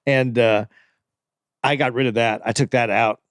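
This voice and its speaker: Laid-back man, halting podcast banter. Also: mid-range voice, fairly even intonation, smooth, no echo, studio quality. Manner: laid-back, halting, trails off searching for names. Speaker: podcast co-host. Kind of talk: casual chat.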